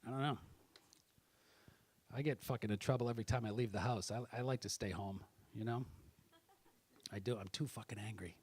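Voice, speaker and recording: A man doing stand-up comedy with crowd work, swearing constantly and swinging from muttered asides to loud angry outbursts. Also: lowish voice, a little fast, pauses often, breathy edge.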